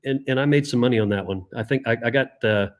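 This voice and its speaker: A man's voice: mid-range voice, fast talker. A man in his fifties co-hosting a casual chat, telling rambling stories with chuckles. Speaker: co-host. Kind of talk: casual chat about comic collecting.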